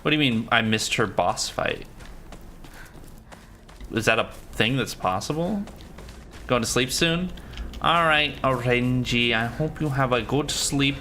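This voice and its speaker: A man's voice: mid-range voice, unhurried, long pauses, pushed and bright, slight background noise. A man streaming a horror game live, chatting casually with viewers, joking and swearing freely. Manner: loose, swears freely, jokey asides. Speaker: gaming livestreamer. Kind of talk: casual live game commentary, reading chat.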